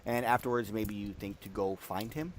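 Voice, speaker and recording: A man's voice: lowish voice, moderate pace. Casual young man running a tabletop game. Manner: loose, rambling narration with frequent fillers. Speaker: game master.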